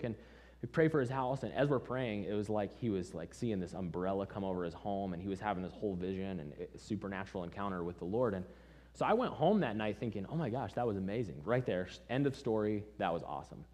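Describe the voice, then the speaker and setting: Low-voiced man telling a story in a sermon. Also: fast talker. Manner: animated storyteller acting out quoted voices. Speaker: preacher.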